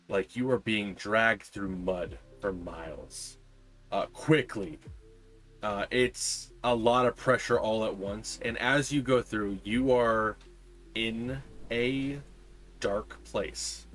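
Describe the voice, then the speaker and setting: A man's voice: on the low side, a bit bright. A man narrating a tabletop game as game master, describing scenes with frequent ums and uhs.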